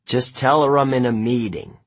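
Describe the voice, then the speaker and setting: A man playing a calm, overworked courier who talks in an easygoing, slightly weary way. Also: medium pitch, moderate pace, close to an everyday voice. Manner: relaxed and easygoing, a little weary.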